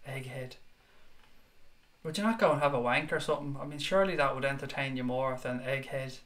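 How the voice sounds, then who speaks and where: This livestream chat show host is a young man with a mid-range, slightly bright voice who speaks a little fast. He talks casually with viewers and reads their comments aloud bluntly, swearing as he goes.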